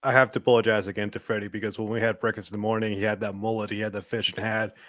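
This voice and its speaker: Co-host: Texan man, low voice, rapid-fire easygoing delivery, dry. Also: flat delivery, fairly bright tone, dry recording. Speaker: podcast co-host, tournament director. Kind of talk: casual chat.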